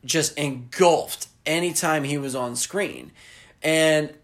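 A man from the American South in casual chat, rambling excitedly and acting out movie lines. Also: on the high side, slow.

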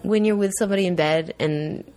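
A woman's voice: on the low side, fairly quick, a little mellow. A woman hosting a podcast in casual, chatty talk, with hiccups and a laughing, bantering way of speaking. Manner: chatty, laughing, tipsy-then-sobered banter. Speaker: podcast host. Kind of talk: casual chat.

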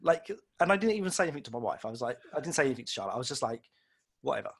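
Man, husky voice, rambling casual storytelling, self-deprecating. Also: medium pitch, sing-song, racing. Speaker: illustrator guest.

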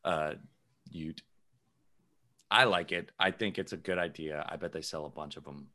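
A man's voice: a bass voice, moderate pace, sharp tone. A man co-hosting a podcast in casual chat, rambling with lots of fillers and frequent laughs. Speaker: podcast co-host.

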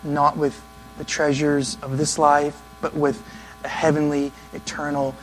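A man preaching a sermon in an earnest, conversational way, now and then acting out quick asides. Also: on the high side, monotone, a little hiss or hum, rough recording. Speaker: pastor.

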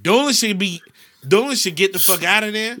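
A man from the States rants in an animated, profanity-heavy way during a casual chat. His voice sits a little high and is very bright and sharp, carried with loud energy. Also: brisk. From United States. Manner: animated ranting, heavy cursing.

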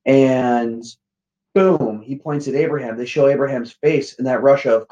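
A man chatting on a podcast, cursing freely and slipping into little acted-out quotes as he tells his stories. His voice comes through a muffled, lo-fi line, at an ordinary middle pitch for a man. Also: a little slow. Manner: animated, profane storytelling with acted-out quotes. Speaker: podcast guest. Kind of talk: casual chat.

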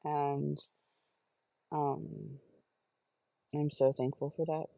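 Sitting in her car, a woman who hosts a podcast talks into her phone's voice recorder for a loose audio journal, full of fillers and corrections of herself. She speaks very slowly and flatly, with a low, warm voice and vocal fry. The audio is dry and low quality.

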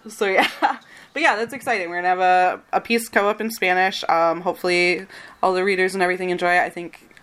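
A woman's voice: on the low side, fairly bright tone, clean tone. A woman co-hosting a podcast in casual chat, upbeat and giggly, with frequent ums and likes. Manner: giggly, upbeat, many fillers. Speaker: podcast co-host.

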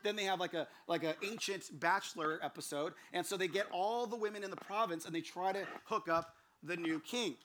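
A pastor preaching to his congregation, telling funny stories and acting out the voices in them. His voice sits high and bright, with a faint hiss of noise under it. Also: fairly quick, few pauses. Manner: animated storytelling with laughs and acted-out quotes. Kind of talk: sermon.

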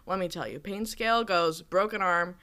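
A woman's voice: fairly low pitch, moderate pace, sharp tone, smooth. A woman in her twenties from the United States, a teacher, telling a rambling story in casual chat with lots of fillers. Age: 20s.

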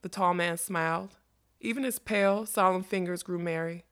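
A woman narrating a storybook in a measured, expressive reading voice. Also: on the low side, smooth.

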